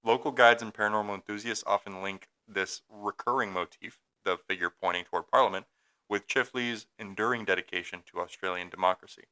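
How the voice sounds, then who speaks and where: A young man with a deep, clear, resonant voice reads a haunted-hotel story for a casual podcast. He stumbles over his notes at times but keeps the narration going. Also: steady tone, fairly quick, sharp tone. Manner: reads a script with stumbles, then jokes and laughs. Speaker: podcast co-host telling a ghost story.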